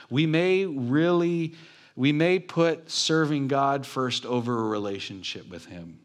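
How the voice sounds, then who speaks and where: A man preaching a sermon in a church, talking in a conversational, joking way with his congregation. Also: mid-range voice. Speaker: pastor. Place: church building.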